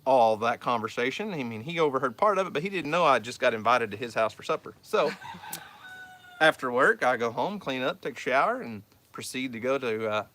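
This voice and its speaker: Oklahoma guy telling a long story, keeps repeating words, bright voice. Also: mid-range voice, animated, brisk. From South Central Oklahoma. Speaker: homestead channel host. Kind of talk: casual chat answering viewer questions.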